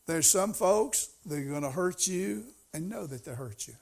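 A man's voice: high voice, lively intonation, normal speed, gravelly, a little mellow. A middle-aged man preaching a sermon as pastor, in a folksy, conversational way that rises to emphasis.

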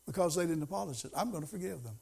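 A man's voice: on the high side, expressive, racing, creaky, darkish tone, slightly rough. A middle-aged man preaching a sermon as pastor, in a folksy, conversational way that rises to emphasis.

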